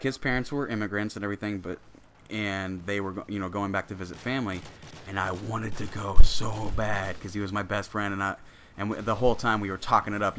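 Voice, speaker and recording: A man's voice: lowish voice, fairly bright tone, slight background noise. A man in his twenties hosting a show, telling a story in a casual, rambling way, swearing freely and laughing often. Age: 20s. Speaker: show host.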